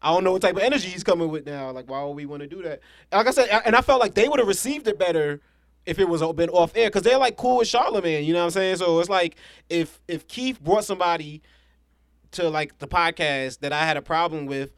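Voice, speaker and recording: A man co-hosting a podcast, retelling events in rapid, animated casual chat. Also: high-pitched, no echo, studio quality. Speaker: podcast co-host.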